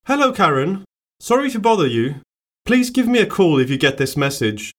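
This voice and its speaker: A man performing scripted everyday dialogue for a listening exercise, with clear, plainly acted delivery. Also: high-pitched, very animated, moderate pace.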